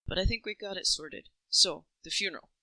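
A woman's voice: fairly low pitch, brisk, sharp tone, no echo, poor audio. A woman voicing a grim, matter-of-fact pastor. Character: grim, practical middle-aged woman pastor.

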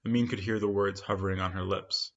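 A man narrating a short story in a steady, measured reading, on a dull lo-fi recording. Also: low voice, gravelly. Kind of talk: scripted fiction reading.

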